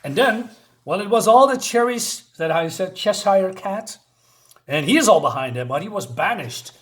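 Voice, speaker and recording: A man chats through a comic book review, stopping often to search for the next word. His voice sits a little higher than most men's, and the talk stays loose and unscripted. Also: animated, normal speed. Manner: rambling, with many fillers and chuckles while retelling the plot.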